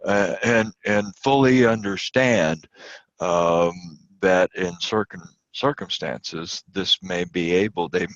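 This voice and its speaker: A man with a very low voice delivers an online lecture, pushing his voice up to stress key points between frequent fillers. The sound is dry and slightly muffled, like a computer mic on a video call. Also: slow, no echo. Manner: emphatic, rising on key points, many fillers.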